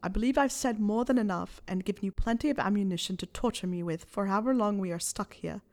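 A woman's voice: medium pitch, fast, darkish tone, lightly acted. A woman voicing a defensive, vulnerable young male wizard, bitter in his speech.

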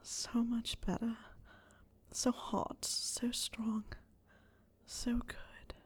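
A woman's voice: mid-range voice, fairly quick, darkish tone, natural voice. A woman voicing a defensive, vulnerable young male wizard, bitter in his speech. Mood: breathless whisper.

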